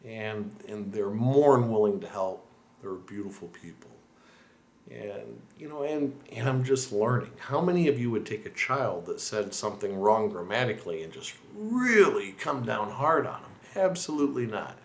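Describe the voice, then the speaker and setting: Speaking to camera as a language-learning lesson host, an American man from the United States encourages learners with earnest, conversational tips, restarting and adding asides as he goes. His fairly low voice is expressive and at normal speed, in a roomy-sounding recording.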